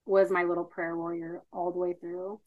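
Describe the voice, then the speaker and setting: Podcast guest, woman, 30s, lowish voice, earnest storyteller with lots of fillers. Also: level tone, normal speed, narrow, tinny audio. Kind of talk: casual interview.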